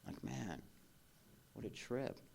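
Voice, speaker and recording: A man's voice: medium pitch, expressive, slow, creaky, darkish tone, slight background noise. A man speaking at a recovery convention, talking in a casual, slangy way from a stage microphone. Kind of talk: recovery speech.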